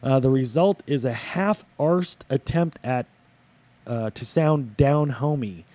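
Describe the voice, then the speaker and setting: A man's voice: medium pitch, takes it slowly, warm tone, dry recording. A man co-hosting a casual podcast, rambling and crude, joking and restarting his sentences. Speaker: podcast co-host.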